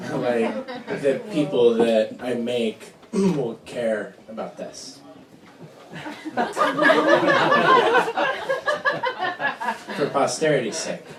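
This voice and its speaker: Slow, halting male comedian. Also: a little high, wildly swooping pitch. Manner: halting, self-amused. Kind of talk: stand-up chat. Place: small bar performance room. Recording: echoey room, distant mic, crowd noise.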